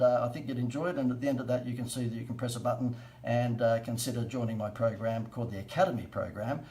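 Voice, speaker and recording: A man's voice: medium pitch, darkish tone, rough recording. An Australian man hosting a casual live stream, coaching businesses on marketing in a chatty, joking, self-mocking way.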